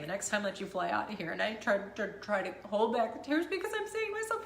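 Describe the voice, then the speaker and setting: Still teary from crying, a mother of two in her 30s vlogs emotionally, laughing through her tears while rambling and putting herself down. She talks fast and animatedly at medium pitch with vocal fry and few pauses, in an echoey room with slight hiss or hum.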